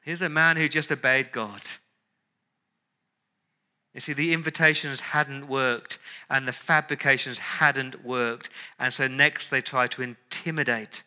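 A male pastor preaching an earnest sermon, dropping into soft, pleading tones when he voices prayers. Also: mid-range voice, steady tone, a little slow.

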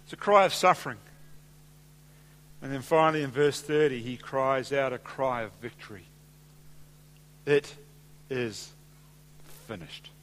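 A man preaching a sermon in a church, measured and deliberate, dropping softer and slower when he quotes scripture. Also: mid-range voice. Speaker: pastor. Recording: long hall reverb.

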